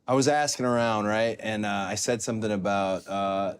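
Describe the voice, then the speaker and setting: A man hosting a casual chat podcast, telling stories with lively acted-out quotes and reading an ad. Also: fairly low pitch, moderate pace, slight background noise. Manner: animated storyteller, acts out quotes. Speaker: podcast host.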